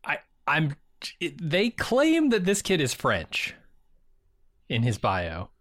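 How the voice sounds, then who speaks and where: Wry podcast co-host man, dry lively voice. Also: a little high, takes it slowly, no room sound. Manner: wry, sarcastic. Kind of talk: casual podcast chat.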